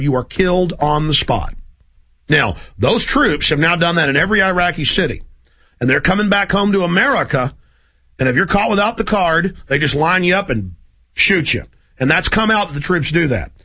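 A middle-aged man hosting a radio talk show, ranting intensely and rapidly in a conspiratorial tone. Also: a little high, gravelly, bright, forceful tone, husky.

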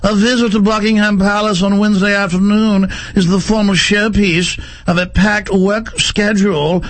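A man hosting a radio talk show, firing questions quickly and reading news articles aloud in a rapid, pushy, excitable way. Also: sits high.

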